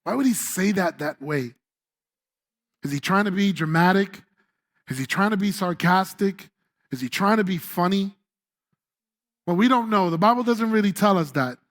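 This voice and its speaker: High-voiced pastor preaching. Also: male voice, normal speed, long pauses, a bit bright. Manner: conversational and humorous, acting out scripture voices. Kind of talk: sermon. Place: church.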